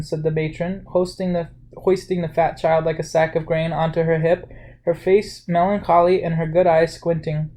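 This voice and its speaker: Audiobook narrator, storybook reading, unhurried, mid pitch, small self-corrections. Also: level tone, mellow, low-quality recording.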